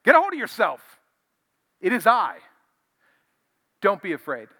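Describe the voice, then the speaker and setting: Breezy, laid-back Jesus, put on by a male preacher, bright tone, long reverb. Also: sits high, huge pitch swings, measured pace, husky, pitched above the performer's own voice, exaggerated voice. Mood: reassuring. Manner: casual, laid-back, joking retelling. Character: breezy, offhand Jesus figure, adult man.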